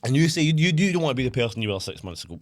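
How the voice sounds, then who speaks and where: A man's voice: medium pitch, very animated, rapid-fire. A man co-hosting a casual podcast chat, ranting animatedly and swearing freely. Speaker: podcast co-host.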